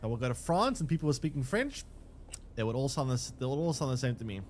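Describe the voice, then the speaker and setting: A man's voice: mid-range voice, sing-song, quick pace, darkish tone, a little hiss or hum. A young man, chatting casually with his live chat while playing a game, rambling with restarts and fillers. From South Africa. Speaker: streamer.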